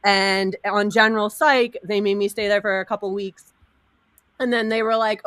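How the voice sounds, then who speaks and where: A woman in her thirties telling a wild personal story in casual chat, animated and laughing, acting out quotes over a video call. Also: medium pitch, normal speed, clear, resonant tone, dry recording.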